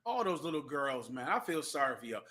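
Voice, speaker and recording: A man's voice: medium pitch, a little fast. A man co-hosting a talk radio show, laughing and echoing the host's points. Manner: lively, laughing, echoes the host. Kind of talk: casual talk radio banter.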